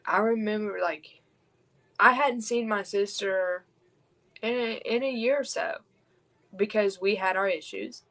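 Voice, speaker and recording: A woman's voice: medium pitch, unhurried, pauses often, a bit bright, poor audio. Blunt woman telling a raw story. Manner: raw, blunt, heavy swearing. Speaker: podcast host. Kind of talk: candid personal storytelling.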